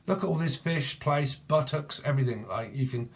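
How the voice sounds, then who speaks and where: A man's voice: medium pitch, normal speed. Rambling, swearing middle-aged male tarot reader. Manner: swears freely, jumps between word associations, laughs at himself. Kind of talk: rambling free-association tarot reading.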